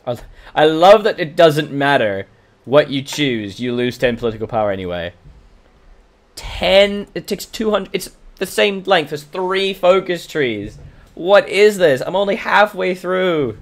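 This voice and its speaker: A man's voice: fairly high pitch, very animated, unhurried. Man with a mixed British-American accent. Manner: reads in-game event text aloud, then chats with viewers. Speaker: gaming channel host. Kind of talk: casual let's-play commentary recorded from a livestream.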